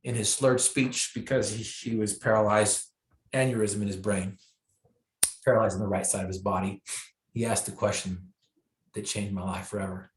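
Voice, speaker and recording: A man's voice: fairly low pitch, fairly even intonation, moderate pace. A man telling his story as a motivational speaker, emphatic and repeating key phrases for effect. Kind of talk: inspirational storytelling. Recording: echoey room.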